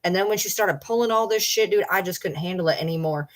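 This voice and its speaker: A spiteful woman who claims to be an old schoolmate dishes dirt in a catty, conspiratorial tone, swearing constantly, as a woman puts her on. The voice rides a little higher than the speaker's usual talk and pushes harder. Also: quick pace, natural voice. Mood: gossiping. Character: spiteful gossiping woman, fake former classmate.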